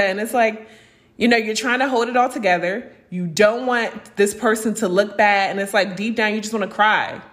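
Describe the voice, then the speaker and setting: A young woman hosts her own podcast, speaking openly and with strong feeling in a mid-pitched voice. She swears freely and slips into the voices of people she quotes. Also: fairly even intonation, a little fast, fairly bright tone. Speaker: podcast host. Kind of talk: candid spiritual podcast monologue.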